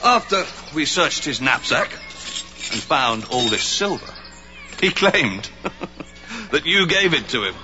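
An actor playing a polite police officer who eagerly explains himself to a superior, on a film soundtrack. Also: male voice, on the high side, sing-song, slow, long pauses, over music. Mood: deferential. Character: deferential male police officer. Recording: dull film soundtrack, set back from the mic.

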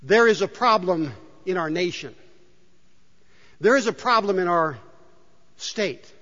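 A man's voice: high voice, animated, unhurried, fairly bright tone. A man preaching a sermon to his congregation, emphatic and full of rhetorical questions. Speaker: pastor. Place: church sanctuary. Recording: dull, reverberant church hall.

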